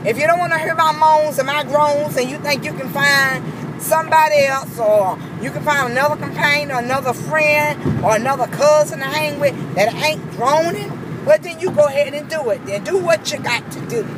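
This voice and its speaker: A woman's voice: high-pitched, moderate pace, noisy background. A woman ranting angrily on her vlog, repeating herself with heated emphasis. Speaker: vlogger. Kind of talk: angry personal rant.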